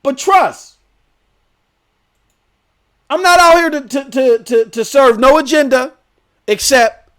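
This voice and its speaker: A man hosting a gaming news stream, telling a rambling story in a loud, animated way. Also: very high voice, takes it slowly, pauses often. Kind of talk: casual storytelling rant.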